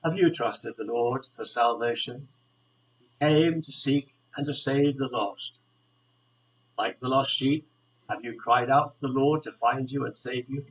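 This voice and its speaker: A man from a church community reading a devotional reflection aloud in a calm, measured, earnest way. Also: mid-range voice, dull audio.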